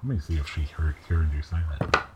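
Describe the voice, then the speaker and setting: Man with a very low voice running a game. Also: a little fast, lo-fi sound, noisy background. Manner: relaxed, hesitant with many fillers. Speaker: game master. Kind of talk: narrating a tabletop game.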